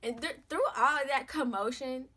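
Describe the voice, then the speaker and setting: A woman's voice: sits high, moderate pace, a bit bright. A young woman, telling her own story to camera in a candid, emphatic, conversational way. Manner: emphatic, conversational, slangy, repeats phrases for stress. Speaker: vlogger, mother sharing her birth story.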